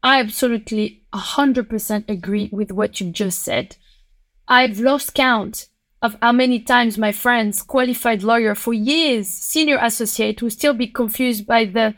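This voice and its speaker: French accent woman on a podcast, fired up and blunt, kinda high voice. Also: normal speed. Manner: outspoken and emphatic, with sharp pitch jumps. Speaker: lawyer, podcast guest. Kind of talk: passionate podcast conversation.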